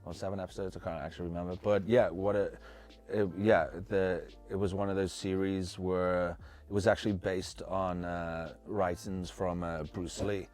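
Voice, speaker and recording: Man from the UK, very low voice, easygoing interview chat, rambling with fillers. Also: level tone, normal speed, a little mellow, faint music behind. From United Kingdom. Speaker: guest, actor and filmmaker.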